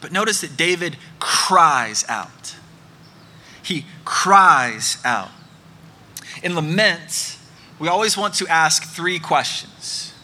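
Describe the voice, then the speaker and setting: A man's voice: a little high, slow pace, sharp tone. A man preaching a sermon, earnest and emphatic, repeating phrases for effect.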